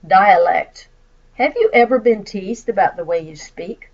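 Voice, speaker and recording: A woman's voice: medium pitch, lively intonation, measured pace, darkish tone, muffled recording. A woman with a Southern American accent, a college instructor giving a recorded lecture over slides and explaining with acted example phrases. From Midwestern United States.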